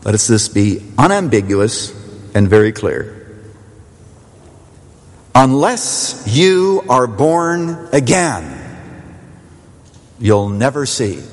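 A man preaching a sermon as pastor, emphatic, with dramatic pauses and repeated words. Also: lowish voice, creaky, a little mellow, long reverb tail.

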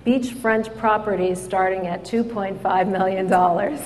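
A woman's voice: medium pitch, unhurried, a little hiss or hum. Storytelling woman in a reverberant hall. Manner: animated storyteller, acts out quoted voices. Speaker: speaker at an event. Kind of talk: storytelling speech.

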